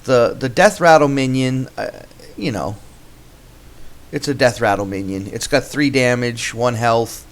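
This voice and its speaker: A man's voice: mid-range voice, a little slow. A man hosting a gameplay video, casually commentating his card game and thinking aloud with frequent restarts.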